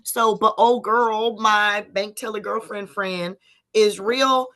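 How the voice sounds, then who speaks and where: A woman's voice: medium pitch, slow. A woman co-hosting a casual podcast chat, telling stories and acting out what people said. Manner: animated storyteller acting out quotes. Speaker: podcast co-host.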